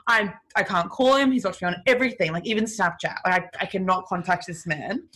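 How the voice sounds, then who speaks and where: A woman's voice: lowish voice, fairly quick. A young woman hosting a podcast, chatting candidly and animatedly, full of fillers and swearing. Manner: animated storytelling, heavy filler words, swearing. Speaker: podcast host. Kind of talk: candid casual chat.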